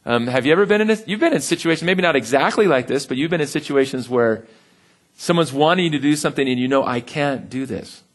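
A man preaching a sermon in a relaxed, conversational way, with humor and quick acted-out voices. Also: fairly high pitch. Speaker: pastor.

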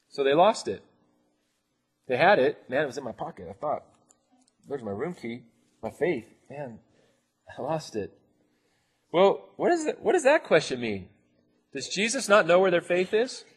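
A man's voice: on the high side, animated, normal speed, slightly rough. A man preaching a conversational sermon, acting out the quoted voices and laughing now and then.

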